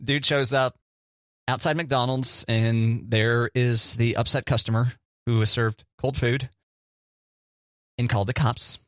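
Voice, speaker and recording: A man's voice: medium pitch, fairly even intonation, unhurried, long pauses, a bit bright, dry recording, studio quality. A man co-hosting a casual chat show, a jokey rambling storyteller who hums little sound effects. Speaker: podcast co-host.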